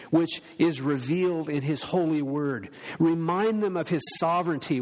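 A man's voice: fairly high pitch, a little mellow. A male pastor preaching a sermon, earnest and storytelling, acting out the voices of people he quotes. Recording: long hall reverb.

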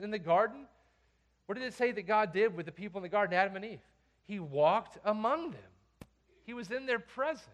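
A pastor with a notably high voice for a man delivers a sermon. He reads scripture aloud, drops to near-hushed intensity, then rises sharply into loud, commanding calls. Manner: emphatic preaching, swings from hushed to loud commands.

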